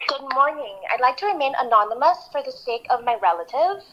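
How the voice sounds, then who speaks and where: An emotional woman calls in over a muffled phone line. Her voice sits fairly high, and she speaks hesitantly, apologizing as she goes. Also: lively intonation, brisk, pushed and bright, slight background noise. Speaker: caller.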